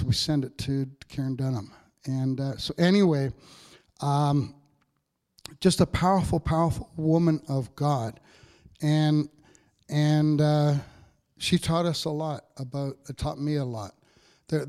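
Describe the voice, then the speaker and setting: Male pastor, slightly high voice, hint, chatty sermon delivery with "all right" asides. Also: a little mellow. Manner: conversational preaching, frequent "all right" checks with the congregation.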